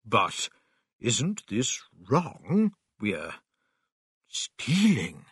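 A man voicing a cautious, doubtful male badger in a storybook reading, speaking slowly and hesitantly. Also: mid-range voice, huge pitch swings, a bit bright, breathy edge, no echo, studio quality, exaggerated voice. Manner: hesitant, slow.

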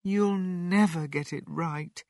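A man's voice: sits high, sing-song, slow pace, fairly bright tone, husky, no echo, studio quality, pitched above the performer's own voice, exaggerated voice. A man voicing a worried, gloomy mother in a children's story. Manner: fretful, sad remarks.

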